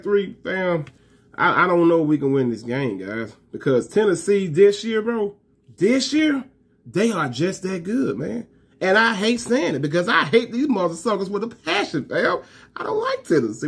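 Husky, emphatic male fan vlogger. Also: high voice, a bit bright. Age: 30s. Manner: emphatic, repetitive, slangy, calls viewers fam; talks fast. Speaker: college football fan vlogger. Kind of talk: casual fan rant to camera.

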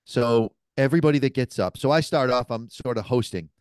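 A man with a smooth, clear voice tells a rowdy story, swearing freely and building it up with energy. The sound is dry and close, with no room echo, as in a mobile podcast studio. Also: medium pitch, fairly quick. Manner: animated, profane storyteller. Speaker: podcast guest, cigar shop owner. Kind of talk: anecdotal storytelling.

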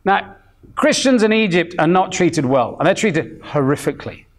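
During his sermon, a fifties-aged man speaks at a normal speed in a high-pitched, animated voice. His storytelling is conversational and full of restarts, and he performs the quoted voices of the people he describes.

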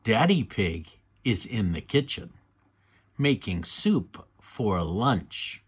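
A man reading a children's storybook aloud, slowly and deliberately, for kids to read along. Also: lowish voice, very animated, breathy edge. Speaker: storybook reader.

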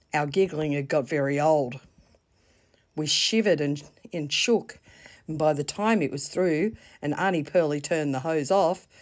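A woman with an Australian accent reads a children's bedtime story in a low voice. She takes her time, pausing gently between phrases. Her tone stays soft and deliberate throughout. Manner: slow, gentle, deliberate reading.

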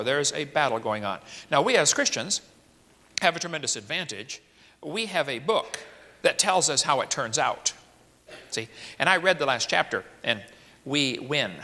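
A man preaches with a bright, forceful tone and a voice that swings up and down, folksy and fond of asking the crowd questions. His words ring out under the long echo of a large hall. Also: mid-range voice, expressive, moderate pace, pauses often. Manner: folksy, joking, full of rhetorical questions. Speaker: creationist speaker. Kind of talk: evening sermon-style lecture.

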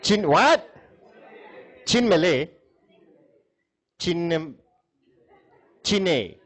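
A man's voice: a little high, very animated, drawn-out words. A man giving a classroom lecture, chatting with students, asking questions and laughing often.

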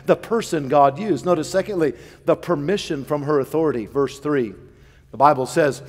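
A male pastor preaching a sermon, fervent and with dramatic swings between soft and loud. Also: a little high, normal speed. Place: large church sanctuary. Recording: long church reverb.

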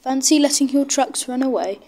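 A woman's voice: sits high, moderate pace, darkish tone, a little hiss or hum, pitched above the performer's own voice. A woman voicing a stern, authoritative male railway boss with a commanding manner.

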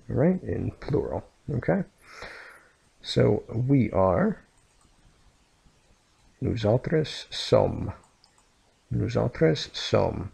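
A man's voice: on the low side, vocal fry, warm tone, breathy edge. A man from the United States, explaining a language lesson over a screen recording, full of fillers and "okay?" checks. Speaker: language teacher.

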